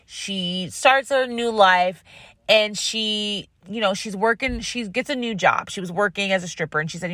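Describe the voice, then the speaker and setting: A woman host telling a story in a casual, animated way, rambling with frequent restarts. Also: fairly low pitch, unhurried, dry recording, clean studio sound.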